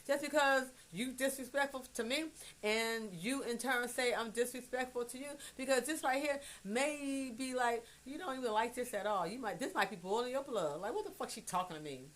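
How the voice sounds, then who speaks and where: A middle-aged woman on a phone livestream, talking to her grown son in a rambling, blunt monologue. She swears freely and swings between soft and loud. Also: fairly high pitch, animated, normal speed, hardly any pauses.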